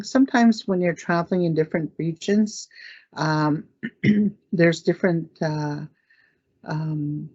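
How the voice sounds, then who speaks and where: A woman teaching words in a language lesson, saying each word slowly, repeating it, and clearing her throat now and then. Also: deep voice, mellow, no echo. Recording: dull lo-fi dry recording.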